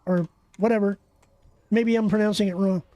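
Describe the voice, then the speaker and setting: A streamer giving excitable, profane live commentary while playing a game and bantering with viewers. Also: medium pitch, moderate pace, no echo. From Canada.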